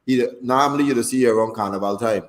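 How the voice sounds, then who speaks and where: A man, co-hosting a casual live-streamed talk show in a relaxed, joking way. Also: medium pitch, quick pace. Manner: laid-back, joking, sign-off speech. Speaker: podcast co-host.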